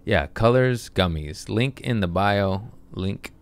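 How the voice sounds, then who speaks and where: A man hosting a podcast, telling rambling, profane, animated comic stories in casual chat. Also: fairly low pitch, takes it slowly. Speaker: podcast host. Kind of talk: casual comedic storytelling.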